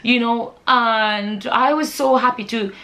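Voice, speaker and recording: A Nigerian woman talking casually in a Q&A vlog, telling animated stories and slipping into Pidgin. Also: fairly high pitch, takes it slowly. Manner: animated storyteller, slips into Pidgin. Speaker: vlogger.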